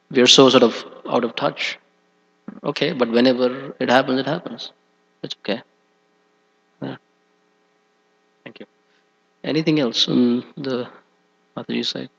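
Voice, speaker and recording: Man leading a temple scripture class, gravelly voice with halting fillers, dull echoey hall sound. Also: mid-range voice, fairly even intonation, a bit bright. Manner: hesitant, many fillers. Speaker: class speaker.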